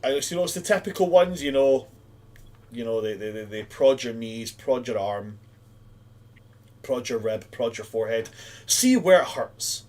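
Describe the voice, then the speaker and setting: A man's voice: medium pitch, lively intonation, normal speed, a little mellow. A man narrating and running a tabletop fantasy game as game master, rambling casually with lots of fillers.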